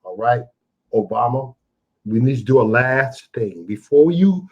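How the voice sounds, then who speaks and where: A man's voice: medium pitch, expressive, a little slow, a little mellow, slightly rough, muffled recording. A man hosting a casual interview, emphatic and slangy, chiming in often. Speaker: host.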